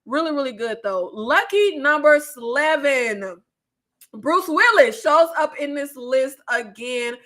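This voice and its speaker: A woman's voice: high voice, lively intonation, takes it slowly, a bit bright. A young woman, casually chatting through movie recommendations with fillers and laughs. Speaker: movie review YouTuber.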